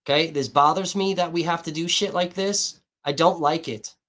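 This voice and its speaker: Man, livestream rant, abrasive, swears a lot, fairly high voice. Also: moderate pace, sharp tone. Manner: profane, abrasive, blunt. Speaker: livestream host.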